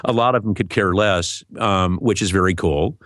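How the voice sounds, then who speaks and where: A man's voice: low voice, normal speed, a bit bright, no room sound, clean studio sound. A man who works as a voice actor, chatting casually as an interview guest, joking and rambling with many fillers.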